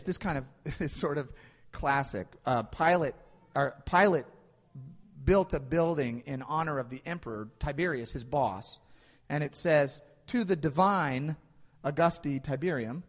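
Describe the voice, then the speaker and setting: A man's voice: mid-range voice, long reverb tail. A man preaching a conversational sermon, explaining scripture with many fillers and restarts.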